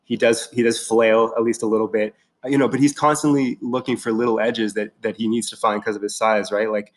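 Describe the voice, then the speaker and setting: A man chatting casually as a guest, excited and rambling, full of fillers and restarts. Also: fairly low pitch, brisk. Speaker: podcast guest. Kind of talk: casual chat.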